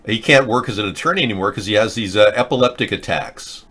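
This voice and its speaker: A man hosting a political commentary show, talking in a rambling, sarcastic way, mid-pitched. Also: quick pace, a bit bright. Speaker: host.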